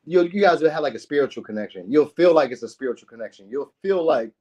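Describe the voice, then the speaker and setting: A man's voice: on the high side, expressive, fast talker, darkish tone, slightly rough, lo-fi sound. A man giving a casual tarot reading to camera, chatty and slangy, swearing freely and acting out what people might say. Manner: loose and chatty, slangy, swears, acts out quoted lines. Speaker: tarot reader.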